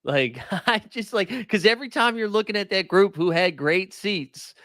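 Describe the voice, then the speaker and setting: A man co-hosting a podcast, chatting casually about basketball, animated and joking, often laughing. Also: high-pitched, moderate pace, no room sound, studio quality. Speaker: podcast co-host. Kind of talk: casual sports chat.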